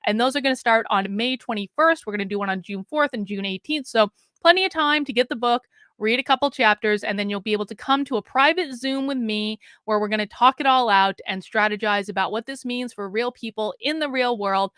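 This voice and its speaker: A woman's voice: on the high side, fairly quick, a bit bright, dry recording, studio quality. Upbeat woman hosting a show. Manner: upbeat, promotional, plainly spoken. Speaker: host and author. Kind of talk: casual interview hosting.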